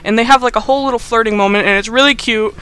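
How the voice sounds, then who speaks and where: A man hosting a podcast, casually recapping a film in a rambling, animated way with many fillers. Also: very high voice, very fast, clear, resonant tone. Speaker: podcast host.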